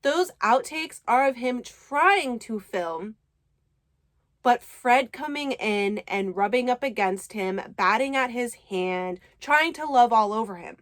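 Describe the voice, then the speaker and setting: A woman's voice: fairly high pitch, animated, slow pace. A woman casually recapping a book to her viewers, chatty and enthusiastic, with the odd swear word. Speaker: book reviewer.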